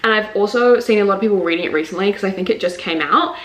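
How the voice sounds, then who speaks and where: A young woman chats through an unboxing in a gushing, filler-heavy way, exclaiming often. Her voice sits at an ordinary pitch for a woman. The room around her rings with noticeable echo. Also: fast talker. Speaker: book vlogger. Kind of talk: casual unboxing chat. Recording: echoey room.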